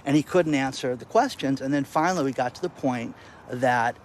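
A male content creator telling stories to camera outdoors in the wind, animated and exasperated. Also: mid-range voice, a little fast. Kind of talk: casual vlog rant.

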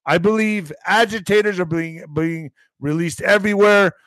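A man's voice: high-pitched, normal speed, a bit bright, no echo, poor audio. Rambling, profane morning show man. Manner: rambling and profane, reads news aloud with stumbles. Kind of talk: casual news commentary.

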